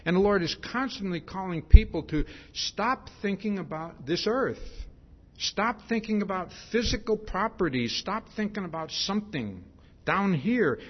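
A high-pitched, breathy-edged male preacher speaks at a moderate pace in an expository Bible sermon, captured in dull lo-fi quality. Emphatic and lively in his rises and drops, he drives points home with a frequent "see?"

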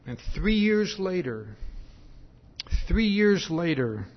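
A man preaching a sermon, slow and emphatic, tagging his points with "see?". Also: high voice, big pitch swings, lo-fi sound.

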